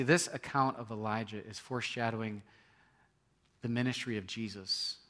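A man's voice: lowish voice, fairly bright tone. A man preaching a sermon, earnest and building to emphatic points, with frequent restarts. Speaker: pastor.

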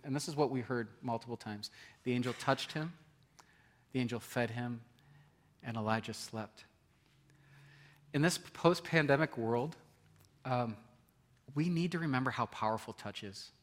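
A middle-aged male pastor with a bright, lifted voice and a somewhat high pitch for a man. He preaches in a loose, conversational way, chuckling often and dropping from loud emphasis into hushed, soft passages. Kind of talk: sermon.

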